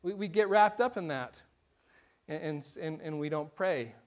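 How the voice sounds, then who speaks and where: Pastor guy preaching, high voice, chatty storytelling, says words twice. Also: a little slow, a little mellow. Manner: conversational storytelling, repeats words. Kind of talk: sermon. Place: church.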